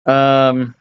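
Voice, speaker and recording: A man running a tabletop game as dungeon master, explaining slowly with frequent hesitations. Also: medium pitch, clean tone, dull audio. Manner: unhurried, hesitant with many ums.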